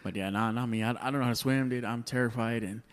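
A man's voice: mid-range voice, fairly even intonation, quick pace, smooth. A man, telling rambling, profane stories in casual chat, full of restarts. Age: 30s.

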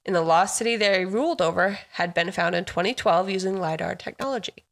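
A woman's voice: on the low side, a little fast, vocal fry. A woman co-hosting a casual podcast, chatty and enthusiastic, sometimes reading from her notes. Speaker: podcast co-host. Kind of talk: casual chat.

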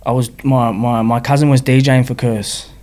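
Speaking at normal speed with a level tone, this man's medium-pitched voice is a little mellow. He's a Sydney rapper being interviewed, sharing his life story frankly and in slang, regularly checking in with "you know what I mean."

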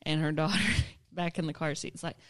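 A woman co-hosting a podcast, chatting casually, laughing often and telling lively stories. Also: deep voice, a little fast, clean tone. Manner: laughs often, animated storytelling. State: pregnant. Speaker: podcast co-host. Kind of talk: casual chat.

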